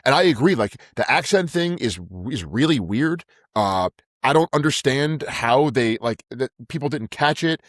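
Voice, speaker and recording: A man's voice: medium pitch, expressive, moderate pace, no room sound, clean studio sound. A man co-hosting a podcast, talking in an emphatic way, repeating words and calling his co-host "dude". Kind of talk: casual chat.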